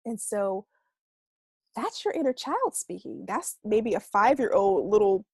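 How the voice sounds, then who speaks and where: An animated woman teaches a self-love class in a loose, conversational way, with a bit of casual swearing. Her voice sits at an ordinary middle pitch, recorded close and dry with no room echo. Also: a little slow, husky. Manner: animated and expressive, acting out quoted voices; casual speech with mild swearing.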